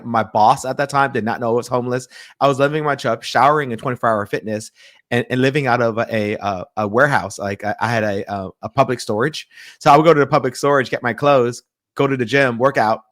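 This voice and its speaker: A man telling a personal story in an interview, lively, acting out the people in it and often restarting his sentences. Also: mid-range voice, fast talker, dry recording, studio quality. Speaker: pastor, interview guest.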